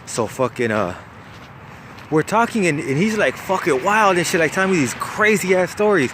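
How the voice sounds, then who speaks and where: A man's voice: high voice, moderate pace, noisy background. A young man, casually telling a wild story, slangy and profane. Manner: profane, slangy, lively, laughs at his own story.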